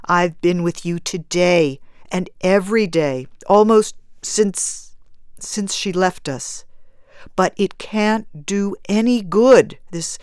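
A woman reading aloud, voicing a gentle, worried husband who coaxes his grieving wife. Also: on the low side, slow pace, clean tone, no room sound, clean studio sound. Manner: gentle, coaxing.

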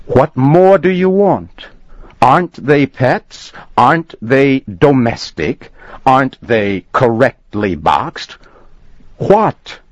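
A man voicing a furious, indignant gentleman customer who shouts and sputters. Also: mid-range voice, animated, slow pace, no echo, voice pushed up. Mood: outraged. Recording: dull lo-fi recording.

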